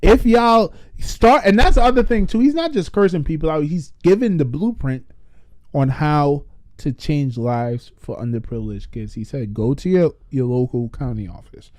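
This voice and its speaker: A man's voice: a little high, normal speed, no room sound. Slangy young man on a podcast. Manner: animated, slangy, swears freely. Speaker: podcast co-host. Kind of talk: casual chat. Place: podcast studio.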